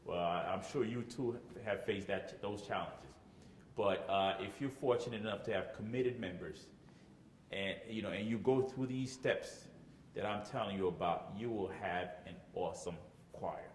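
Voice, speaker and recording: Speaking at a normal speed in a lowish voice, a choir director explains rehearsal material step by step, often asking "okay?" and singing phrases as examples. The recording carries a little hiss or hum and the long reverb of an echoey room.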